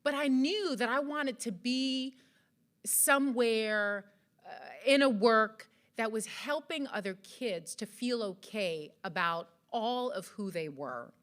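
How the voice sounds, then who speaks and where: A woman's voice: a little high, slow, fairly bright tone. A woman from Jamaica giving an earnest motivational speech to an audience, full of rhetorical questions. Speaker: event speaker. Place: event hall.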